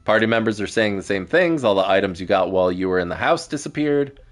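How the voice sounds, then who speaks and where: A man's voice: fairly low pitch, lively intonation, quick pace, natural voice. A man voicing a teasing, all-knowing star being with a playful, smug way of talking.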